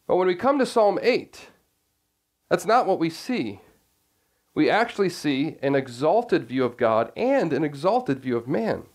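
A man's voice: on the high side, very animated, measured pace. A man preaching a sermon as pastor, earnest, often restarting phrases and asking the congregation questions.

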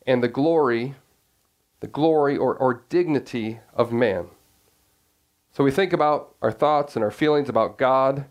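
A man preaching a sermon as pastor, earnest, often restarting phrases and asking the congregation questions. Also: mid-range voice.

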